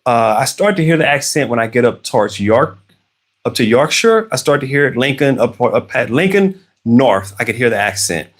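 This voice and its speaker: A man's voice: medium pitch, very animated, normal speed. A man from Arkansas with a Southern American accent, casually chatting on a live stream while crafting, rambling with frequent restarts. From Arkansas, USA. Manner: rambling, conversational, with many restarts. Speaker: livestream host. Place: home, crafting.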